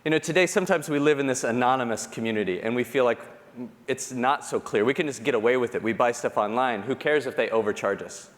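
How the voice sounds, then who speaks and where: A man giving a keynote talk, telling personal stories in an animated, self-deprecating way and acting out the people he quotes. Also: mid-range voice, fast talker. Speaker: conference speaker. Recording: long hall reverb.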